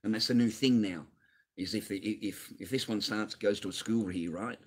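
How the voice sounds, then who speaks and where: A man's voice: on the low side, moderate pace, husky. A man hosting his own channel, ranting on a livestream in an angry, profane, rambling way. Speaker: channel host. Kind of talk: livestream rant.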